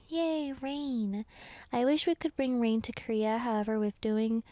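A woman's voice: on the high side, slow, warm tone, dry recording. A young woman hosting a radio show, chatting casually in a bubbly, giggly way and reading out listener messages on a studio microphone.

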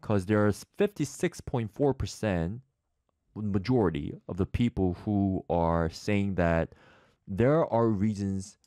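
A man co-hosting a podcast, earnest and halting, restarting his words in casual chat. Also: on the low side, mellow, dry recording, studio quality.

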